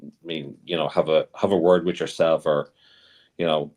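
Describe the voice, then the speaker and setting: A man's voice: very deep voice, little pitch movement, a little mellow. A man, co-hosting a casual chat in an easygoing way. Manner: easygoing, quick to laugh along. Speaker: co-host.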